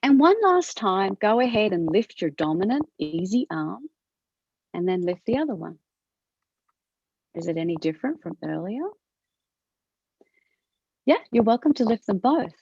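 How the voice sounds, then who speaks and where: A woman with an Australian accent teaching a movement class over a video call, asking gentle questions with a rising lilt. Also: mid-range voice, very animated, a little slow, gravelly, long pauses, breathy edge, dry recording. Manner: gentle questioning, upward inflection. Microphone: video call from her computer. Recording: dull lo-fi video call audio.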